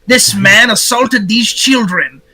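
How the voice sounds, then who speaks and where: A man voicing a stern male agent of a duke who gives measured, commanding orders in a tabletop game. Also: high voice, sharp tone, slightly rough, exaggerated voice.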